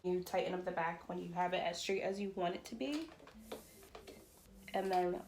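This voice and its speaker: A woman vlogging from her bedroom, chatting casually and excitedly while she unboxes and sets up a ring light, with lots of "like" and "y'all". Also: fairly low pitch, normal speed, slight background noise. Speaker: beauty vlogger. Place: bedroom at home. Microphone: phone or camera on a tripod.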